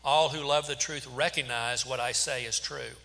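A man voicing Jesus as a calm, steady adult man who speaks in an even, measured way. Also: medium pitch, vocal fry. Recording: long hall reverb.

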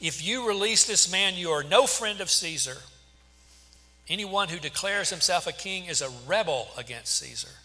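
This is a hostile, demanding mob, acted out by one man reading aloud. The voice is raised to a loud, bright shout. A long hall reverb makes every line boom. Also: fairly quick, few pauses, natural voice. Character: angry crowd of leaders, men, hostile and demanding.

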